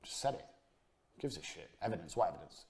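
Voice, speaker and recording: A man giving a recorded business lesson, blunt and emphatic, swearing freely, his voice often trailing off quieter at the ends of lines. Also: sits low, animated, fast, slight background noise. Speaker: business coach.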